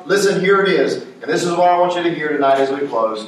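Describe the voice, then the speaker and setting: A man's voice: fairly high pitch, expressive, fast talker, hardly any pauses. A male pastor from North Carolina with a Southern accent, preaching an emphatic sermon and calling for amens. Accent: Southern American. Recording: echoey room, mic from a distance.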